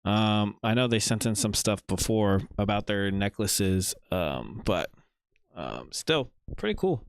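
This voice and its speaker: A man hosting a casual livestream, chatting in a relaxed, rambling way with many fillers while showing viewers' art. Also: on the low side, a little slow, vocal fry, no echo. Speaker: livestream host.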